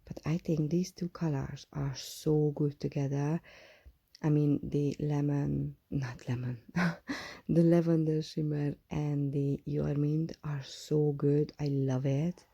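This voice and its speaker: A woman, a nail technician, chatting to viewers in a casual tutorial voice-over, often dropping into soft whispered asides. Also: deep voice, flat delivery, slow pace, gravelly, slightly rough, no room sound, dull audio. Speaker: nail technician, channel host. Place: at home.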